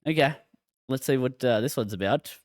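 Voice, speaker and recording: Podcast host, casual chat, laughs a lot, dry close mic. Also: male voice, mid-range voice, moderate pace, no echo. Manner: laughing often, relaxed.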